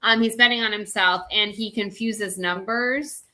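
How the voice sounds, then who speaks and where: A woman co-hosting a casual chat show, talking in a gushing, animated way. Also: mid-range voice, unhurried. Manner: gushing and animated, frequent laughs. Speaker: co-host.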